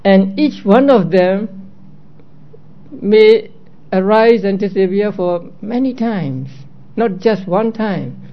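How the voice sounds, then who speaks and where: Slow, methodical man teaching, dull recording. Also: sits high. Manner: methodical, poses rhetorical questions. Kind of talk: slow explanatory lecture.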